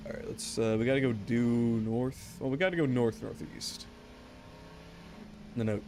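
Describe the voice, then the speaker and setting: A man's voice: mid-range voice, expressive, a little slow, creaky, darkish tone, a little hiss or hum. A man streaming a game, rambling and joking back and forth with his chat. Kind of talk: casual gameplay commentary.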